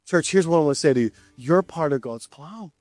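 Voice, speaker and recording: A man preaching a sermon as pastor, animated and repeating key lines for emphasis. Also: on the high side, a little fast, no room sound.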